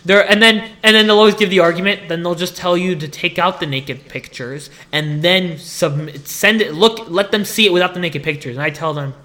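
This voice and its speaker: A young man with a fairly high voice hosts his own podcast and rants animatedly. His tone is bright and sharp, and he complains freely while breaking into laughter as he goes. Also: fairly quick, hardly any pauses. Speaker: podcast host. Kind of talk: casual solo rant.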